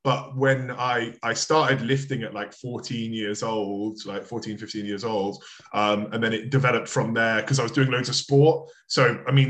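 A man's voice: medium pitch, a bit bright. A man, a coach chatting as an interview guest, rambling with lots of filler words and casual swearing. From United Kingdom.

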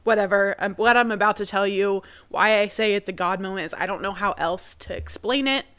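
A woman's voice: mid-range voice, brisk, a bit bright, no echo. A young woman co-hosting a podcast, telling a personal family story casually and loosely, with lots of fillers and acted-out quotes of her relatives. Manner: rambling, heavy on fillers, acts out quoted family voices. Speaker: podcast co-host.

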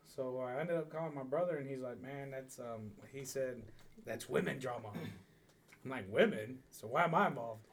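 Man co-host, husky voice at a middle pitch, easygoing, profane storyteller. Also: moderate pace, a bit bright. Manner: laid-back, profane, rambling with restarts. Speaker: podcast co-host. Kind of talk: casual storytelling chat.

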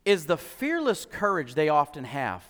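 A male pastor preaching a sermon in an animated way, acting out quotes and repeating words as he restarts. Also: fairly high pitch, moderate pace, big-room sound.

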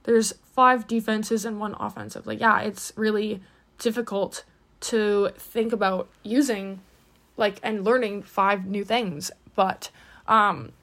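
A woman's voice: mid-range voice, fairly even intonation, slow, a bit bright. A woman giving a casual, earnest devotional talk as host, full of "like" and "um" fillers. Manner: earnest, encouraging.

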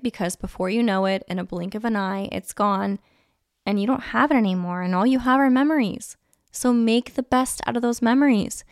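A woman's voice: mid-range voice, no room sound, studio quality. A woman in her thirties hosting a casual solo podcast, chatty and nostalgic, with lots of "like" fillers. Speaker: podcast host.

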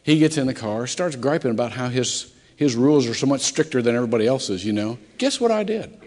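A man's voice: mid-range voice, fast, slight background noise. Middle-aged man, pastor, conversational sermon with big dynamic swings, recorded in a reverberant church sanctuary. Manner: conversational storytelling with dramatic swings in loudness. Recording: echoey church hall.

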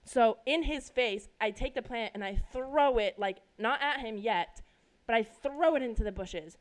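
Young woman ranting through a story, clear voice. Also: on the high side, normal speed. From Colorado. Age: young adult. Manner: swears freely, dramatic retelling with loud outbursts. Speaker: podcast host. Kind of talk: casual storytelling monologue. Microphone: desk microphone.

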